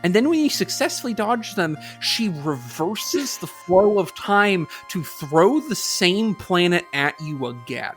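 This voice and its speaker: A man with a bright, somewhat high voice co-hosts a casual podcast. He retells a game's story with gusto and slips into mocking voices for its characters. Faint music plays underneath. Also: unhurried, few pauses. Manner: animated storyteller, mocks voices. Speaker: podcast co-host. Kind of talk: casual chat.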